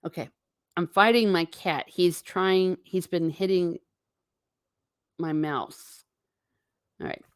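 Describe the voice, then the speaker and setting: Woman, livestream host, casual rambling chat, lowish voice, dry close sound. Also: clean tone, no room sound. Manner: chatty, wandering, quick asides to herself.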